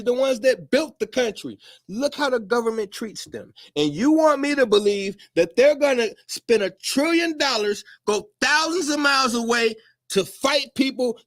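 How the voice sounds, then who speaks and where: A man speaking in a profane, preachy monologue to his viewers, often rising into shouts. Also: very high-pitched. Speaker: commentator. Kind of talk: animated monologue to camera.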